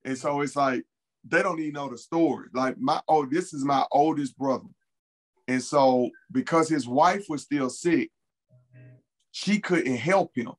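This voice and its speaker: An interview guest, a man with a fairly high voice, recounts events in loose, casual speech. He is earnest and emphatic and often repeats his key points. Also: measured pace, poor audio. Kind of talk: casual conversational storytelling.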